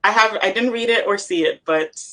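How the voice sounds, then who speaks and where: A woman's voice: medium pitch, fairly quick, bright, forceful tone. A woman hosting a motivational chat, explaining and encouraging in an earnest way. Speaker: host.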